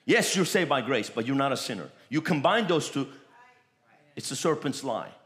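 A man's voice: medium pitch, very animated, moderate pace, fairly bright tone. A man preaching a sermon, with emphatic, repetitive declarations that rise in bursts.

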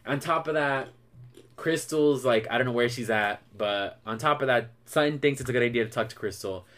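A man's voice: medium pitch, normal speed, fairly bright tone. A man hosting a podcast, chatty and gossipy, recapping a reality TV episode in casual, swear-filled talk. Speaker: podcast host.

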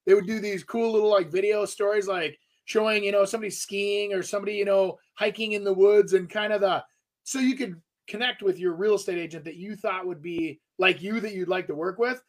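A man's voice: sits high, steady tone, brisk. A man, a real estate agent, co-hosting a casual chat and talking in a rambling way, full of restarts. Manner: rambling, lots of fillers and restarts.

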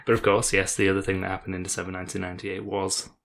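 Gravelly British man hosting a podcast. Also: low voice, monotone, very fast, fairly bright tone. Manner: laughs often, reads notes with jokes. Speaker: podcast host reading the news segment. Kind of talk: casual podcast chat.

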